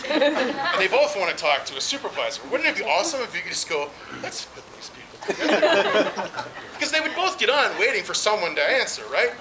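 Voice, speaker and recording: A man's voice: high-pitched, very animated, quick pace, a loud crowd. A man performing rambling stand-up comedy stories at an outdoor barbecue, with frequent fillers. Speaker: amateur stand-up comic. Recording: noisy outdoor party recording.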